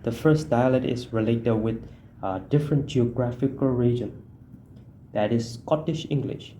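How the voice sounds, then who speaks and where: A man giving a class presentation, reading slide points in short, halting phrases. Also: mid-range voice, noisy background. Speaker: student presenter.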